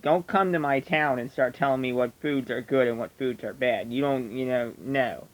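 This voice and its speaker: Man, Delco accent, Philadelphia-area, mid-pitched voice, casual ranting vlog, blunt and emphatic. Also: moderate pace, low-quality recording. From Delaware County, Pennsylvania. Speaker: vlogger.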